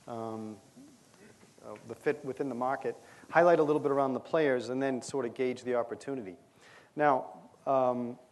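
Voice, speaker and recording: A man's voice: medium pitch, a little mellow, slight background noise. A man giving a conference presentation on stage, talking conversationally with plenty of fillers and a light touch of humor. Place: stage under bright lights.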